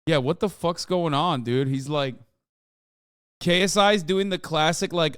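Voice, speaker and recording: A man's voice: a little high, a little slow, fairly bright tone, clean tone, dry recording, studio quality. A man hosting a live stream, reacting to clips with sarcastic, sweary commentary. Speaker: streamer host.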